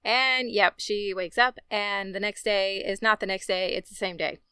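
Bright, animated woman recapping a film. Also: medium pitch, clear, resonant tone, no echo. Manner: animated, quick storytelling with laughs. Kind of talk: casual chat recapping a film.

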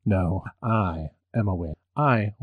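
A man's voice: deep voice, slow, husky, no room sound, phone-quality sound, full character voice. A man reading a story aloud and voicing a contemptuous male witch with a reedy voice.

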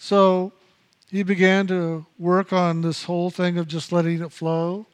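High-voiced man teaching meditation slowly. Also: completely flat delivery, smooth. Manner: slow, measured, repeats key phrases. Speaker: spiritual teacher.

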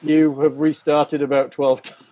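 A man runs a tabletop game over a video call and reads rules aloud at a steady pace. His voice sits a little high, and he teases his players dryly. A faint hiss is under the line. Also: unhurried, dull audio. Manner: dry, teasing, reads rules methodically. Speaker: game master. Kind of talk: casual chat, reading rules aloud.

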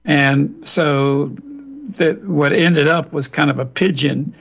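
A man's voice: fairly high pitch, fairly even intonation, takes it slowly, gravelly. A man, a guest on a radio interview, lecturing in a long, digressive way with frequent restarts over a remote line. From Louisiana, US. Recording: dull lo-fi radio audio.

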